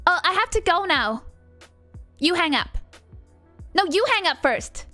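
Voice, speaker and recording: A woman's voice: extremely high pitch, very animated, a little slow, bright, forceful tone, faint music behind, voice pushed up, exaggerated voice. A woman voicing a vain, pampered young woman doll with an American accent, bragging in a breezy sing-song monologue. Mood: whiny. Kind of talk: comic character monologue on a live stream.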